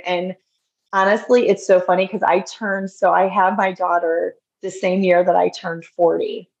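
A woman's voice: medium pitch, muffled recording. Woman in her fifties telling a story. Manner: lively storyteller, many fillers like "like" and "you know". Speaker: podcast guest. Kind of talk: personal faith story, casual conversation.

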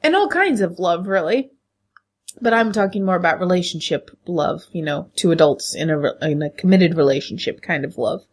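A woman co-hosting a podcast, chatty and animated, laughing often in casual chat. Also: fairly low pitch, moderate pace, slightly rough. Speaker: podcast co-host.

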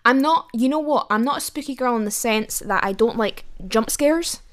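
A woman's voice: a little high, normal speed, fairly bright tone. Teasing young woman, podcast co-host. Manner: teasing, jokey banter. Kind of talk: casual chat.

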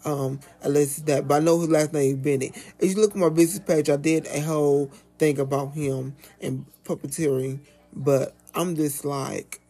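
A man talking casually as a guest on a podcast, animated and sassy, swearing freely and stretching out words like "baby.". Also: fairly high pitch, normal speed, slightly rough. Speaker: puppeteer guest.

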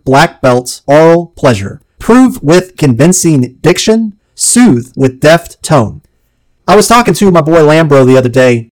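A man hosting a solo advice podcast, talking in a measured, deliberate way with playful, jokey asides. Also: fairly high pitch, low-quality recording. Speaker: podcast host.

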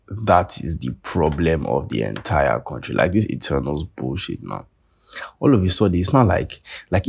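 A young man with a Nigerian accent rants on his podcast, profane and sarcastic. His voice sits very low with a gravelly fry, and it comes through husky. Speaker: podcast host. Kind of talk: casual monologue.

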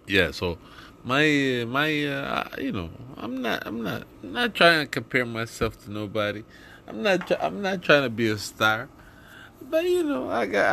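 A man's voice: mid-range voice, creaky, fairly bright tone. A man hosting a podcast, rambling profanely through a casual monologue in a put-on comic accent, speaking into a phone. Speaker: podcast host.

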